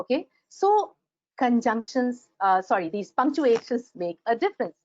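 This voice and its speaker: Over a video call's computer microphone, a woman with an Indian English accent lectures in a grammar webinar, lively and acting out her example sentences. She speaks at medium pitch and normal speed, in a dry, lo-fi recording.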